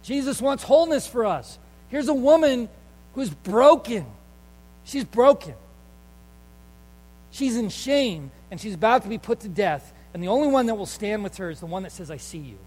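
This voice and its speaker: A man preaching a sermon with a notably high voice. He tells his story conversationally, with fillers and restarts, then leans in with emphasis. His voice rings out with a long tail of reverb, as if spoken in a large sanctuary. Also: expressive, normal speed, a little mellow. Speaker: pastor.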